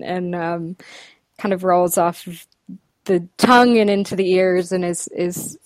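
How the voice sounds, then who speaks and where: A woman's voice: on the low side, fairly even intonation, a little slow, no room sound. A woman working as an accent and dialect coach, talking thoughtfully in a casual interview, with many ums and restarts. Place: lives in the UK.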